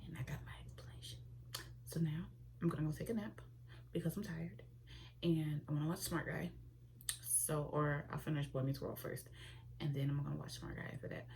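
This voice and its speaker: Low-voiced chatty young woman vlogger. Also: moderate pace, creaky, slight background noise, rough recording. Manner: chatty and expressive, with sudden high-pitched exclamations. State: pregnant. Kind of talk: casual chat to camera.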